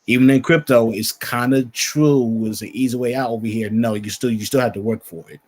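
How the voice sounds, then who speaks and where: A man's voice: medium pitch, steady tone, fairly quick, a little mellow. Earnest, reflective man in a chat. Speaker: co-host. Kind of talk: casual crypto show chat.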